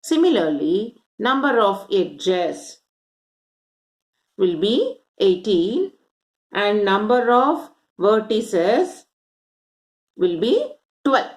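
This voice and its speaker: A woman's voice: mid-range voice, very animated, extremely slow, long pauses. A woman teaching a maths lesson, explaining step by step and asking questions as she goes. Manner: explains step by step, counts aloud, asks rhetorical questions. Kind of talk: classroom lesson.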